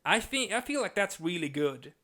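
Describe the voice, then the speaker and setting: A man reviewing trading cards in a casual, enthusiastic way, reading card text aloud slowly with frequent restarts. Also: sits high, sing-song, sharp tone.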